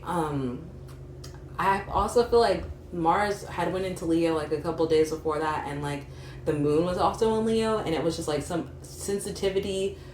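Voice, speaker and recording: A young adult woman giving a casual tarot reading, chatty, full of "like" fillers. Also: lowish voice. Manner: chatty, frequent "like" fillers, laughs while talking. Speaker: tarot reader. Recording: echoey room with faint hum.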